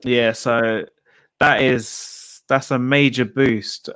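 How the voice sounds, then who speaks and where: A chatty man hosts a relaxed football chat. He talks at a middle pitch, often laughs, and runs through viewers' predictions. His voice sounds dry and close, with no room echo. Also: drawn-out words, clear, resonant tone. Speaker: football podcast host.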